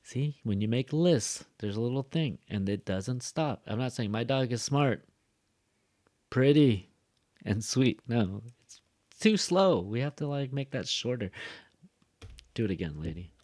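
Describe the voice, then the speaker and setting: A man's voice: mid-range voice, big pitch swings, moderate pace, a little mellow, dry recording. A man teaching English pronunciation in a casual, joking way, saying example sentences aloud to demonstrate them. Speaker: ESL teacher. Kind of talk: casual classroom explanation.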